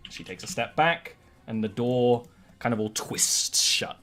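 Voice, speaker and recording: A man's voice: mid-range voice, unhurried, a bit bright, faint music behind. A man narrating as game master of a tabletop game, easygoing and loose, with many fillers.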